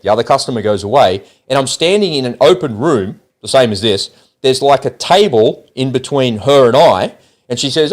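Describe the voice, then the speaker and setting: A middle-aged man with an Australian accent talks quickly and easily in a relaxed chat. He tells everyday stories and lively mimics the people in them in a mid-range voice. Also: medium pitch. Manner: animated storyteller who acts out quoted people. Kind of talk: casual chat.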